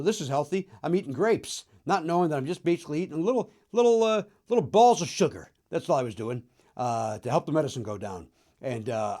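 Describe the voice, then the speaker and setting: A man's voice: on the high side, a little mellow. A middle-aged man from the Chicago area hosting a comedic monologue about old records, riffing and mocking himself. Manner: self-mocking, riffing, throws in quick silly voices. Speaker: podcast host.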